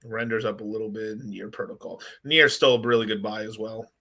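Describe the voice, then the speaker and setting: Brief: bright-voiced male streamer, rambling and excitable, casual commentary. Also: lowish voice, a little fast, gravelly. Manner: rambling, excitable, chats with viewers. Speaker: crypto livestream host.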